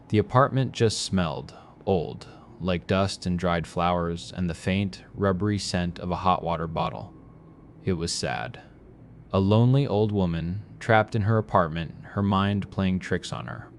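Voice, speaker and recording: A man reads a horror story in a very deep voice. His delivery is measured and grim, with a faint hiss of noise behind him. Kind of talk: scripted horror narration.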